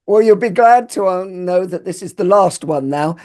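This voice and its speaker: Mellow-voiced male podcast host. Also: high voice, moderate pace. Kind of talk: podcast interview.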